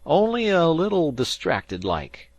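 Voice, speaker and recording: Man doing a frantic old sea farmer, high and reedy. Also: huge pitch swings, a little slow, no echo, lo-fi sound, heavily acted. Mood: pleading. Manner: frantic, rustic dialect.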